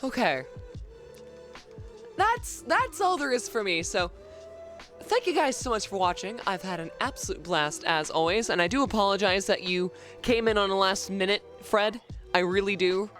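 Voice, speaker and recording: A streamer giving live gameplay commentary, excitable, swearing often and talking to chat. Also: mid-range voice, normal speed, faint music behind.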